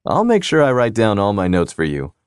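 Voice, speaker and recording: A man's voice: on the low side, wildly swooping pitch, brisk, smooth, no room sound, clean studio sound, pitched above the performer's own voice. A man voicing an easygoing, teasing adult brother in an audiobook.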